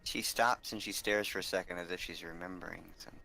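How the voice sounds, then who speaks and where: A male tabletop player who narrates his character with hesitant fillers. His voice is fairly low but bright and forceful. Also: fairly even intonation, fast talker, creaky, a little hiss or hum. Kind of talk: casual tabletop role-play.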